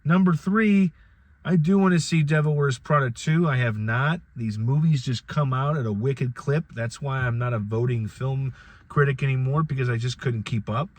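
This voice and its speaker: A man's voice: medium pitch, moderate pace, no echo. A middle-aged man hosting a solo podcast, talking in a rambling, conversational way with frequent restarts. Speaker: podcast host. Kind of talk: casual solo commentary.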